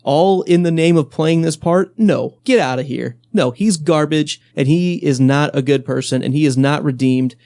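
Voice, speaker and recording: A man's voice: fairly high pitch, moderate pace, few pauses, darkish tone, no echo, clean studio sound. A man co-hosting a podcast, ranting bluntly in casual chat and laughing between points. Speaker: podcast co-host.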